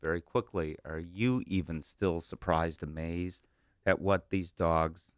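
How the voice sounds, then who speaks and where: A man with a low voice hosts an interview and encourages his guest with questions. The sound is dry and close, as in a small studio. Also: slow, smooth, dry recording.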